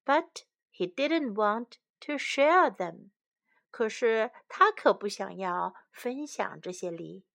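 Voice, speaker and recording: Lady reading a kids story in two languages, slow and clear, bright voice. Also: medium pitch, lively intonation. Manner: clear, gentle, line by line. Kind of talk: bilingual children's story reading.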